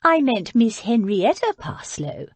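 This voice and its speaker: A woman's voice: fairly high pitch, big pitch swings, measured pace, a little mellow, breathy edge, no room sound, pitched above the performer's own voice, exaggerated voice. A woman voicing an imperious older aristocratic lady who speaks in cool, cutting, haughty tones.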